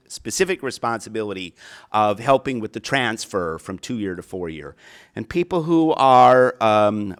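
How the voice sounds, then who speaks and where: A man's voice: lowish voice, a bit bright. A middle-aged man with a Minnesota accent giving a folksy keynote speech as a college counselor, often repeating his phrases.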